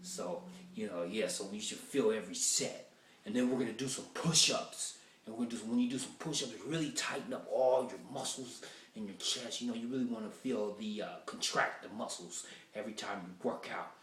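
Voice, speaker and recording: A man working through rough stand-up material in a loose, rambling way, acting out the people he talks about. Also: fairly low pitch, fairly quick, fairly bright tone, reverberant, distant mic. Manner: loose, rambling, acts out quoted voices. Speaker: stand-up comedian. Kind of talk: rough-draft stand-up rehearsal.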